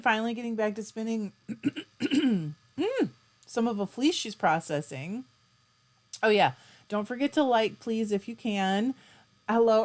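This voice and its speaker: A woman hosting a casual live stream. She reads out viewers' comments, chats back to them and keeps clearing her throat. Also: mid-range voice. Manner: chatty, reads out comments and answers them warmly. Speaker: livestream host.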